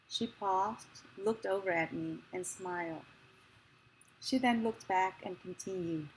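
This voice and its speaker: Slow, gentle woman reading aloud. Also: medium pitch, a little hiss or hum, low-quality recording. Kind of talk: reading a memoir passage aloud.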